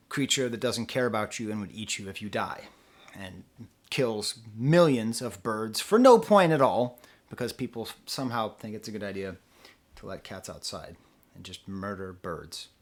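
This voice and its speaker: A young man talking through an album review off the cuff, with rambling asides and self-interruptions. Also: medium pitch. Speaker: music reviewer. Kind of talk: casual unscripted review.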